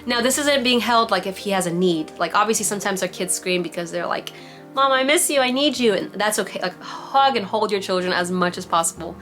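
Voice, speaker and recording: Young mom on a video call, mid-pitch, talks through toddler tips in a loose, chatty way, soft music behind. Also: female voice, a little fast, few pauses. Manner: chatty, lots of "like" and "you know", warm mom-to-mom advice. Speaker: mom giving parenting advice to a support group. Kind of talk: casual advice talk on a video call. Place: home, on a virtual meeting. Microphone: computer mic on a video call.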